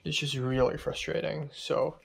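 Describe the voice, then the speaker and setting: A man's voice: fairly high pitch, level tone, normal speed, vocal fry, breathy edge. A young man talking straight to camera in a casual vlog, ranting with frustration and swearing freely. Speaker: vlogger.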